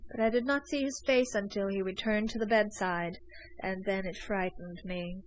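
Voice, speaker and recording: A woman narrating an audiobook of a classic novel in an even, measured reading. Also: mid-range voice, no echo, low-quality recording. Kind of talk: scripted narration.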